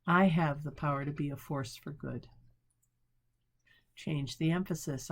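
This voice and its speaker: A woman pastor giving a short prayerful devotional talk, gentle and unhurried, reading a devotion slowly and searching for words as she reflects. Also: low-pitched.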